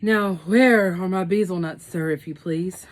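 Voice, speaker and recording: A woman's voice: on the low side, a little slow, pitched below the performer's own voice, natural voice. A woman doing a weary, put-upon elephant. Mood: pleading. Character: weary, honest male elephant, large.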